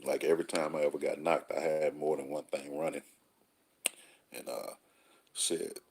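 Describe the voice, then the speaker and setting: A man with an extremely low, husky voice talks easily to his listeners. His tone is mellow and dark, and he drawls through street slang and little rhyming sayings. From Texas. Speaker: call-in show host. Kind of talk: casual monologue answering listeners.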